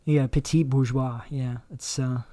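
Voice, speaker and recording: A man hosting a livestream, talking in a rambling, halting way with many fillers and restarts. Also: mid-range voice, fairly even intonation, dark tone, no room sound. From Canada. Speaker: livestream host. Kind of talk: casual livestream commentary.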